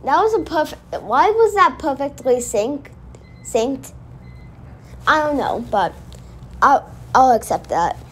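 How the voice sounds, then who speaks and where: A woman hosting a casual reaction video, talking in an excitable, rambling way and often correcting herself. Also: high-pitched, slow, long pauses, slight background noise.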